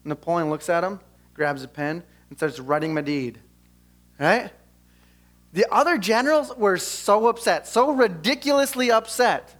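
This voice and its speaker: A man's voice: high voice, expressive, a little slow. A young man preaching earnestly at a church service, chatting casually with the congregation and then leading a prayer. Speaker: pastor. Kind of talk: sermon and closing prayer. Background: soft guitar music.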